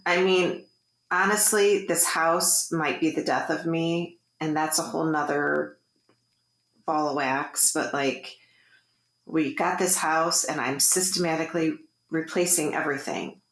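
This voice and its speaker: A woman in her forties, co-hosting a podcast, telling stories in casual, animated chat. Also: low-pitched, measured pace, roomy sound. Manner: chatty, animated storyteller. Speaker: podcast co-host.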